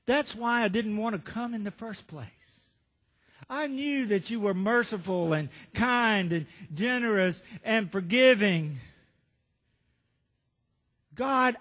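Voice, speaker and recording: A man's voice: high voice, a bit bright. A preacher acting out a bitter, resentful male prophet in a sermon story, with a grudging, resentful delivery. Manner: grudging mutter, then furious ranting. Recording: reverberant church hall.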